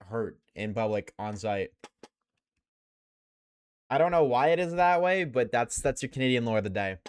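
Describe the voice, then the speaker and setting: Slangy, joking young streamer guy. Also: mid-range voice. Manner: slangy, joking, talks in quick bursts. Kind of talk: casual chat to a live stream audience.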